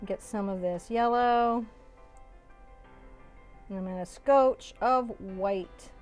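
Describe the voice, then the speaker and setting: A woman's voice: medium pitch, takes it slowly, a little mellow, faint music behind. A woman giving a live painting tutorial, chatty and jokey, often laughing as she works. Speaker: painting instructor.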